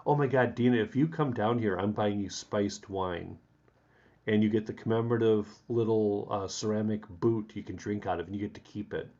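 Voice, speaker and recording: A man's voice: fairly low pitch, normal speed, a little mellow. A man hosting a casual live stream, rambling and chuckling as he talks to viewers by name and rants about the news. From Chicago area. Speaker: livestream host. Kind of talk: casual live chat, ranting. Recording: dull lo-fi stream audio.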